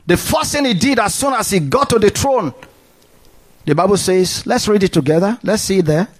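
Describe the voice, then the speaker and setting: A high-pitched man preaching a sermon. His delivery is animated and full of call-and-response, rising and falling as he urges the congregation on. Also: moderate pace.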